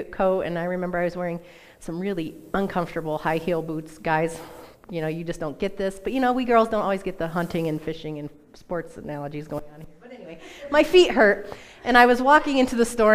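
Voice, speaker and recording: A woman, around her thirties, giving a personal testimony in a church talk, telling it in a lively, self-mocking way with laughs. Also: fairly low pitch, clear, resonant tone. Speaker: church speaker.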